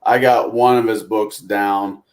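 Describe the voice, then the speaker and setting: A man's voice: fairly low pitch, steady tone, measured pace. Rambling, reflective man on a podcast. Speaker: podcast co-host. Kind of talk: casual podcast chat.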